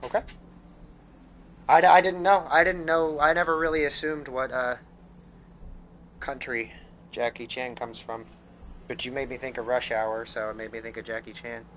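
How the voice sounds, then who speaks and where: A man's voice: medium pitch, little pitch movement, moderate pace, long pauses, a bit bright, a little hiss or hum. A young man from Kansas with a Midwestern American accent, rambling profanely with lots of fillers in casual gameplay commentary at home. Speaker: gaming streamer.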